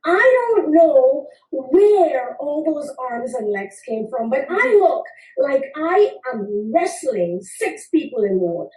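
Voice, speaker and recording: A woman's voice: high voice, sing-song, takes it slowly, hardly any pauses, warm tone. A woman in her fifties telling a funny personal story to an audience, playful and acting out the people in it. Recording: roomy sound from a distant mic.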